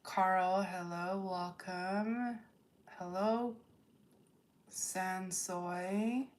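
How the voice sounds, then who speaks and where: A woman's voice: medium pitch, fairly even intonation, a little hiss or hum. A woman hosting a tarot livestream, reading viewer comments aloud and firmly setting chat rules. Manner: slow and deliberate, firm about chat rules.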